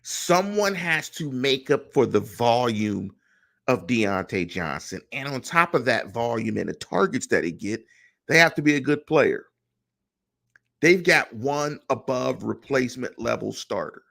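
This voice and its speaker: A middle-aged man runs a solo sports podcast in a mid-pitched voice. His intonation rises and falls a lot, and he keeps turning his points into rhetorical questions for the audience. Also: unhurried, gravelly. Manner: animated, rhetorical questions to listeners. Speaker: podcast host.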